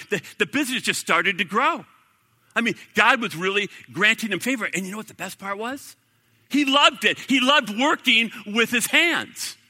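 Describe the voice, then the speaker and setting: Male pastor, high voice, booming to hushed, sermon in a reverberant church hall. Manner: swings from loud declaration to hushed near-whispered prayer. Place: church sanctuary.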